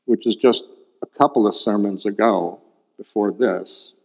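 A man's voice: fairly low pitch, a little slow, gravelly, husky. A male pastor preaching a sermon, explaining a Bible passage and repeating key points for emphasis. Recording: dull recording with long hall reverb.

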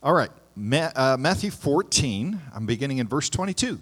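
A man, a pastor, reading scripture aloud and breaking off for relaxed, conversational asides in his sermon. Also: mid-range voice, slightly rough. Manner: conversational, pauses for informal asides. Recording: long hall reverb.

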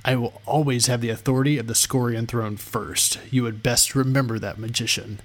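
A man voicing a proud, hot-tempered male keeper of a throne who speaks in a gruff, commanding way. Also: mid-range voice, fairly even intonation, a little fast, lightly acted. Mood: seething.

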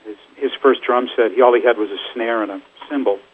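Older guy rambling thru stories on a tinny phone call, kinda husky, lots of ums. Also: mid-range voice, fairly even intonation, fast talker. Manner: rambling, chatty, lots of fillers and laughs. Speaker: musician guest. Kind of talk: casual interview storytelling. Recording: phone-like line.

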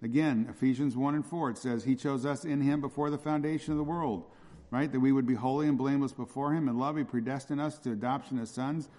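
This pastor talks fast, his mid-range voice dark in tone with fairly even intonation. Preaching an expository sermon in a church hall, he is emphatic and repetitive and regularly checks in with rhetorical questions. Long hall reverb colors the recording.

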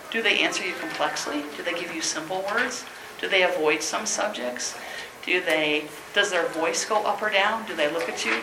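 Woman, teacher trainer, energetic workshop talk, reverberant room, background hiss. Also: on the low side. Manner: energetic, chatty, laughs often. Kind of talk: workshop presentation. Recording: echoey room with noise.

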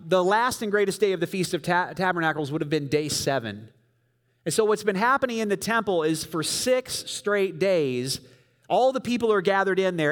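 A man preaching a sermon, telling the story vividly and swinging from loud emphasis to soft, quiet lines. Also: sits high. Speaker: pastor.

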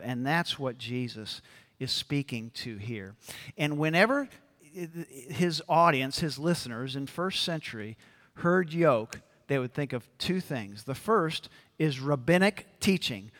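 A male pastor delivers a sermon at an unhurried, deliberate pace, his voice at an ordinary middle pitch. He speaks earnestly, swelling to emphatic peaks and checking in with the congregation. The sound carries the long reverb of a large church hall. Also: fairly bright tone. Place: church sanctuary.

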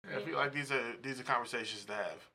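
A man co-hosting a podcast, telling crude, profane stories in loud casual banter. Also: medium pitch, quick pace, slight background noise. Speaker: podcast co-host.

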